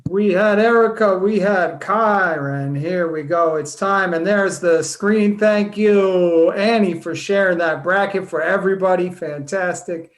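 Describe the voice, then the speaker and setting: A man's voice: high voice, measured pace, hardly any pauses. A man hosting an online comedy contest in an easygoing, chatty way. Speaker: host.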